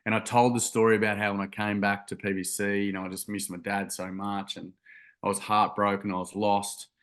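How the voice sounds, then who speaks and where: A man's voice: on the low side, flat delivery, a little fast, fairly bright tone. A young man telling a story in an interview, earnest and rambling with many ums and restarts. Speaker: guest, youth workshop founder.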